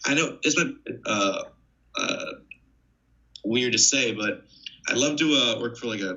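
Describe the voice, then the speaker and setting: Teenage man, podcast guest, hesitant, lots of fillers, very bright tense voice, dull lo-fi recording. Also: medium pitch, measured pace. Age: teens. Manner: hesitant, many fillers, agreeable. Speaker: podcast guest, young pilot. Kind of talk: casual podcast chat. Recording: dull lo-fi sound.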